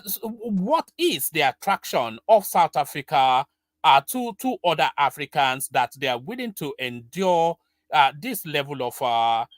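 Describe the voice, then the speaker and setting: A male host gives reaction commentary in a musing, hesitant way, full of uhs. His voice sits a little high for a man. The sound is dry and close. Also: a bit bright, dry recording.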